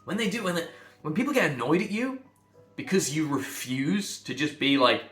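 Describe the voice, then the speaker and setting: Man, pronunciation coach, bright forceful voice, blunt and emphatic, echoey room, faint music behind. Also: on the high side, expressive, normal speed. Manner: emphatic, blunt, repeats phrases for effect. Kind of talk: direct-to-camera lesson.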